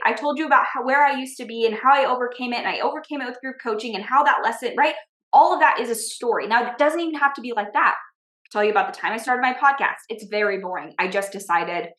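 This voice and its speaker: A woman's voice: fairly high pitch, fast talker. Upbeat woman podcast host teaching w/ her own stories, keeps asking "right?", echoey room. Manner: energetic, checks in with "okay?" and "right?". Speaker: business coach and podcast host. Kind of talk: teaching with personal storytelling. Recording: roomy echo.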